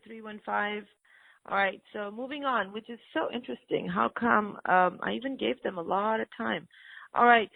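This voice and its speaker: A woman hosts a call-in show, speaking to callers in a reassuring, affectionate way. Her voice is fairly high. It comes through a narrow, phone-like line. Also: vocal fry. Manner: affectionate, reassuring, calls people honey and sweetheart. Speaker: host.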